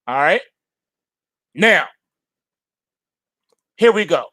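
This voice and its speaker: A man's voice: fairly high pitch, takes it slowly, long pauses, no echo. A male trading show host giving emphatic, slangy market commentary to his viewers, insistent and repetitive. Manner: animated and insistent, repeats phrases for emphasis; slangy, addresses viewers as folks.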